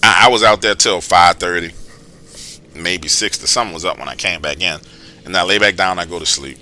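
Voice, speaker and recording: A man's voice: deep voice, normal speed. A man telling his own eerie encounter in casual, slangy, profane storytelling. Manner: profane, slangy, animated retelling.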